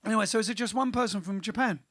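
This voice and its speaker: A man's voice: sits high, racing, a bit bright, slight background noise. A man hosting a casual live stream, bantering playfully and making jokes.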